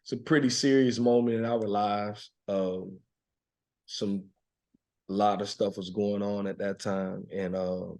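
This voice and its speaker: A man in his thirties, a podcast guest, telling a personal story in a reflective, emotional, soft-spoken way, laughing now and then. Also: on the low side, fairly even intonation, a little slow. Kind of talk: heartfelt conversational storytelling.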